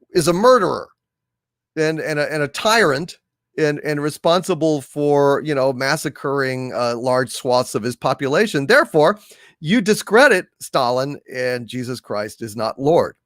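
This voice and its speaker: Indignant man ranting with lively pitch. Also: no echo, studio quality. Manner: indignant, emphatic, restarts often. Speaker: co-host of a pop culture talk show. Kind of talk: casual live-stream commentary.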